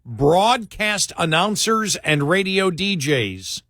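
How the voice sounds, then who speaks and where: A man's voice: high-pitched, very animated, slow pace, fairly bright tone, dry recording, studio quality. Chatty radio talk show host, a man. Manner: chatty, reads a list aloud with quips, speeds up when annoyed. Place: radio studio. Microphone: studio microphone.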